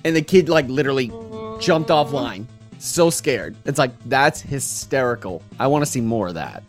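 A man, a young adult, chatting casually as co-host of a gaming podcast, animated and laughing as he acts out quotes. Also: medium pitch, moderate pace, faint music behind. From United States. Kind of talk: casual chat.

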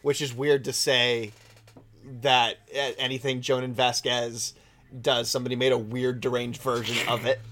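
A man co-hosting a relaxed podcast conversation. He talks chattily at a middle pitch and breaks into laughter often, with loose filler words throughout. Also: normal speed, slight background noise. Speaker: podcast co-host. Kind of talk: casual chat about anime.

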